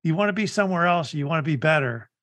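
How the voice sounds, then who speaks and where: Middle-aged male host, relaxed chat, somewhat high voice. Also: fast talker. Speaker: podcast host. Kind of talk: casual chat.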